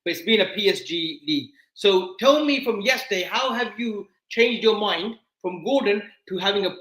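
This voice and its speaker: A man's voice: sits high, expressive, normal speed, fairly bright tone, echoey room, rough recording. A man arguing football on a fan podcast, pressing his rival for a straight answer and repeating short phrases. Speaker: podcast panelist. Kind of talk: heated football debate.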